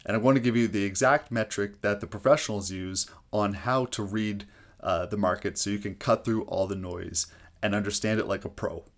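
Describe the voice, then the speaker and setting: A man with a somewhat low voice teaches housing market math to his viewers. He breaks it down step by step in a clear, explaining tone. He often pauses on "uh" as he goes. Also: steady tone. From Canada. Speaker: real estate agent explaining market math. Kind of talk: explainer video to camera.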